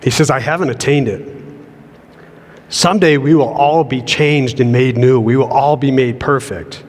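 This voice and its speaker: A man's voice: mid-range voice, moderate pace. Earnest preaching man in a reverberant hall. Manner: earnest, repeats words when building a point. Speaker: pastor. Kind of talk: sermon.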